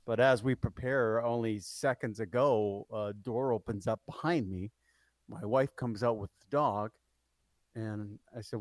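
A man with a fairly low voice co-hosts a sports radio show, speaking a little slowly with no echo on a studio microphone. The talk is casual, and he tells rambling stories stuffed with fillers.

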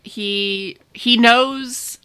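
Bright-voiced woman in animated book chat. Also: a little high, smooth. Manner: animated, acts out characters in quick voices, laughs often. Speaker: podcast co-host discussing a book. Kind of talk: casual chat.

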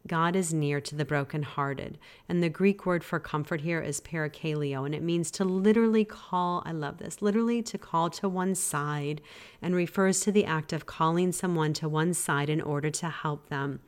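A woman hosting a devotional podcast, teaching in an earnest, gently exhorting way. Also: low voice, moderate pace, clean tone. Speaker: podcast host.

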